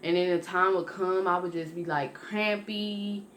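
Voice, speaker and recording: A woman's voice: fairly low pitch, a little slow, a little hiss or hum. A young woman vlogger telling a personal story in a casual, rambling way, restarting and correcting herself often. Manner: rambling, conversational, with many restarts and self-corrections; lively when acting out her own past lines.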